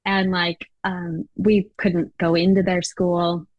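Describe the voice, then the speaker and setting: A woman's voice: fairly low pitch, level tone, slow, no echo, lo-fi sound. A woman with an American accent, a podcast guest chatting casually with lots of fillers and little laughs. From United States. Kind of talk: casual interview chat.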